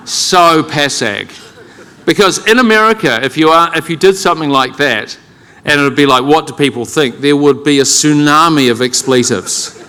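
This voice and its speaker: A man's voice: on the high side, a little slow, pushed and bright, clear, resonant tone. A middle-aged man with a New Zealand accent telling a self-deprecating story as a keynote speaker, wry and conversational. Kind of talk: humorous personal storytelling. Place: large conference hall with audience. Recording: long hall reverb.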